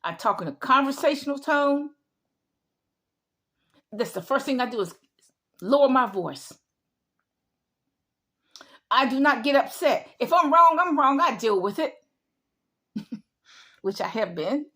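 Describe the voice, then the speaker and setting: A woman's voice: high-pitched, lively intonation, unhurried, pauses often, a bit bright. A middle-aged woman giving an emphatic opinion monologue, repeating her points in a lecturing way. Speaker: vlogger.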